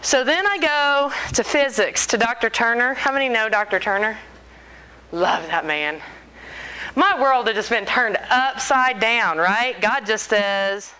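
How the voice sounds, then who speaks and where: A woman in her forties telling stories to an audience, animated and joking, laughing often. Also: a little high, measured pace, smooth, low-quality recording. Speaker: speaker. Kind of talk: storytelling talk to an audience.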